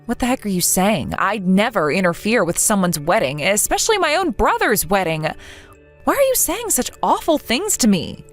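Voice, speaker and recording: A woman's voice: mid-range voice, sing-song, moderate pace, soft background music, lightly acted. A synthetic woman's voice speaking as a hurt young woman in a text-message story, asking earnest, pleading questions.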